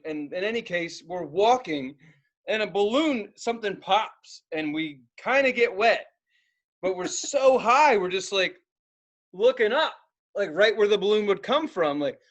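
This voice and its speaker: A young man co-hosting a podcast, telling an animated story in casual chat and bursting into loud acted-out outbursts. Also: sits high, normal speed. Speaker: podcast co-host.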